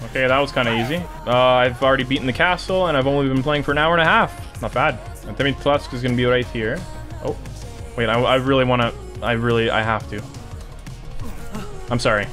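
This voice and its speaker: Excitable young man playing a game. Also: medium pitch, normal speed, pauses often, faint music behind. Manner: excitable, taunting enemies on screen. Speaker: gaming YouTuber. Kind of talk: let's play commentary.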